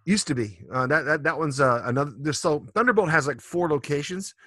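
A man's voice: on the high side, brisk, bright, forceful tone, no echo, clean studio sound. A man in his forties, co-hosting a casual drinking podcast, telling loose, profane stories with a lot of rambling. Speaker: podcast co-host.

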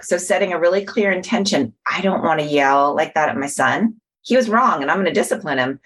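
A middle-aged woman with a low, husky voice talks in a relaxed podcast chat. She explains ideas patiently and earnestly, like a teacher sharing personal lessons. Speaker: guest, mindfulness teacher. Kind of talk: casual podcast conversation.

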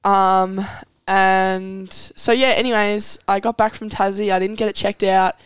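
Smooth-voiced Australian teenage girl. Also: medium pitch, fairly even intonation, measured pace, dry recording. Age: teens. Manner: chatty, giggly, rambling storyteller. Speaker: podcast host. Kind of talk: casual chat.

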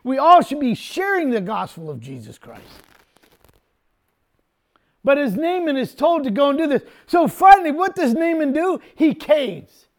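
An older man preaching a sermon as pastor, telling the story emphatically and sometimes breaking into shouts. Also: very high voice, very animated, normal speed.

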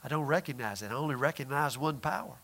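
A man preaching a sermon, emphatic, swinging between loud declarations and hushed asides, acting out the people in his stories. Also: mid-range voice, expressive, fast talker, creaky. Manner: acts out quoted voices in retelling.

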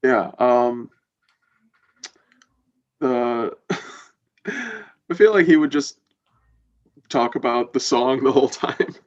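Slow-talking laid-back man on a dull recording. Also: medium pitch. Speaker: podcast co-host. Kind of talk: casual chat.

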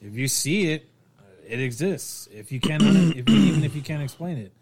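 A man's voice: very animated, brisk, a little mellow. A man in casual podcast chat, rambling through a story and acting out the quotes in it. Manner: rambling storyteller, acts out quotes with raised pitch.

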